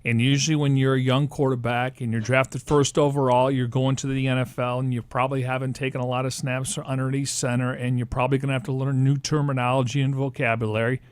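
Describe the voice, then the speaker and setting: A man's voice: medium pitch, little pitch movement, fast talker, hardly any pauses, clean tone, dry recording. A man co-hosting a sports talk show, confidently arguing his own take. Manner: confident, argues a counterpoint.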